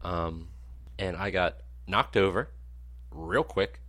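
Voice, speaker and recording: Young male co-host, laughs a lot, lowish voice jumping high when excited. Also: slow. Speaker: podcast co-host. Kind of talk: casual chat.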